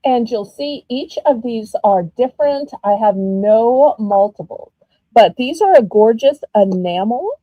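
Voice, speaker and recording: A woman with a Southern US accent, chatting casually while running a live-stream auction, animated and full of ums. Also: on the high side, unhurried, dry recording, dull audio.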